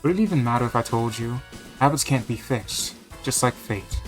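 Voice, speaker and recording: A man's voice: mid-range voice, lively intonation, moderate pace, soft background music, close to an everyday voice. A man voicing a sneering arrogant jockey. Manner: haughty, sneering. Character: arrogant young male jockey rival. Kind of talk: fan dub of a game.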